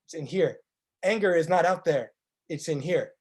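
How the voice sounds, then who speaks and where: A man's voice: on the high side, normal speed, breathy edge. A man giving a motivational presentation, speaking earnestly and piling up rhetorical questions. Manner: earnest, acts out quoted speakers in lively voices.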